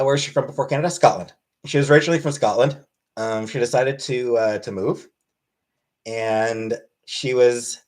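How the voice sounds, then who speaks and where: A man hosting a casual livestream Q&A, reading chat questions aloud and answering in a wry, deadpan way. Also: medium pitch. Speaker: livestream host.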